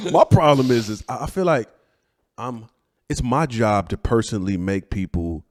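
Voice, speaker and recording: A man hosting a podcast in casual chat, blunt and profane, with quick agreeing fillers. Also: medium pitch, lively intonation, no room sound, clean studio sound. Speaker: podcast host.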